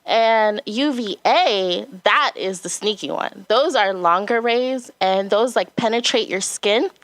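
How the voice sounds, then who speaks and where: A woman's voice: medium pitch, slow pace, a bit bright, dry recording. A woman hosting a podcast wellness segment, explaining in a friendly, casual way.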